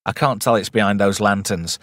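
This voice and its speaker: A man's voice: on the low side, a little fast, fairly bright tone, no room sound. A man giving a rambling, irreverent movie commentary and swearing freely. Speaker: movie reviewer. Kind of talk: casual film commentary.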